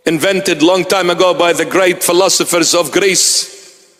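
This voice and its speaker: A man preaching a sermon in a slow, emphatic way, with dramatic repetition of his phrases. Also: high-pitched, steady tone, fairly bright tone. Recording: long reverb of a large hall.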